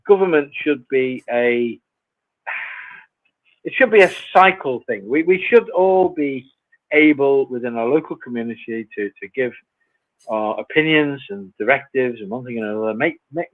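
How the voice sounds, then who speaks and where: A man's voice: medium pitch, no room sound, rough recording. A man answering viewer questions as a guest on a live stream, plain-spoken and laughing easily.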